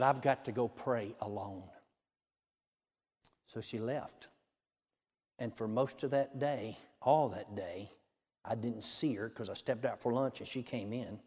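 A man's voice: mid-range voice, a little slow, long pauses, a little mellow, husky. A man telling a minister's testimony in a folksy way, with many "you know" asides. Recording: long hall reverb.

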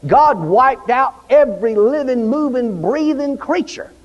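Speaking a little slowly, a man with a very high-pitched, animated voice fervently preaches a repetitive sermon in a church and regularly calls out for amens, recorded in dull lo-fi with long church reverb.

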